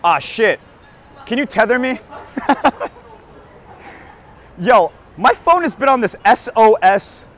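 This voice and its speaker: On a city street at night, with faint traffic behind him, a hungover podcast host trades crude comedy chatter in a loose, brash, joking way. His voice sits high and fairly bright, very animated but slow, with frequent pauses.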